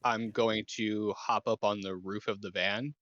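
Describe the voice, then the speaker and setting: A man's voice: on the low side, level tone, a little slow, a bit bright, dry recording, muffled recording. A man playing a character in a casual tabletop game, with an offhand, drawling way of talking. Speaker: player. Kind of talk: casual tabletop role-play.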